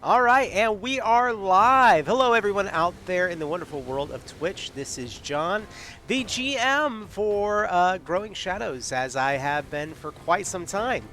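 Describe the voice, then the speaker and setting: A man's voice: high-pitched, lively intonation, a little slow, bright, forceful tone, a little hiss or hum. Upbeat man hosting as game master. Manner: chatty, upbeat, making announcements. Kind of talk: casual live-stream chat.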